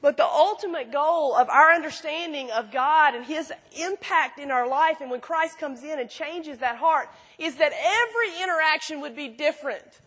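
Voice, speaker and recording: A middle-aged woman preaches in a high, bright voice. She is folksy and animated, carrying the audience through stories as she makes her point. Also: moderate pace, few pauses. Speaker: speaker at a school chapel. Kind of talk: sermon with storytelling.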